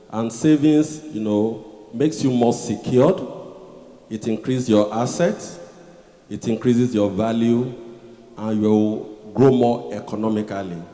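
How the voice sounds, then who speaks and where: A man giving measured closing advice as a panelist. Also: medium pitch, warm tone. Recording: echoey hall.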